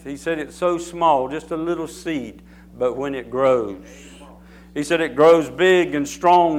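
Male preacher, emphatic, repetitive phrasing, somewhat high voice. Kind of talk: sermon.

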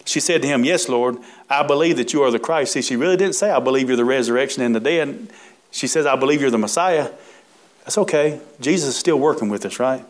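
A preacher, reading scripture in a sermon with folksy, emphatic asides and drawn-out words. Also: male voice, mid-range voice.

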